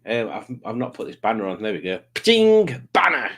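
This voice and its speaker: Brief: male stream host, medium pitch, jokey and rambling, casual live chat. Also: huge pitch swings, normal speed, fairly bright tone, breathy edge. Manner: rambling, self-mocking, jokey.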